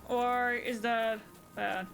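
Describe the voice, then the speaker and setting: A woman with a German accent streams a game, thinking aloud and answering her chat in casual conversation. Her voice is fairly high, bright and creaky, with a steady tone, and she speaks extremely slowly over soft background music.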